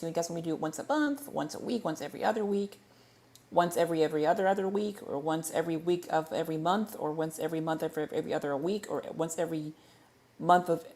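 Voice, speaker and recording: A woman with a slightly low voice chats through a livestream Q&A. She rambles, stumbles over her words and corrects herself as she goes. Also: darkish tone. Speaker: livestream host. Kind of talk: casual livestream Q&A chat.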